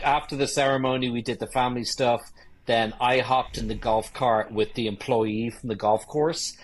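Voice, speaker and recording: Guest spot: husky-voiced man in his 50s, mid-pitched, swearing freely as he tells lively anecdotes. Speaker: guest wedding photographer. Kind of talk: casual interview storytelling.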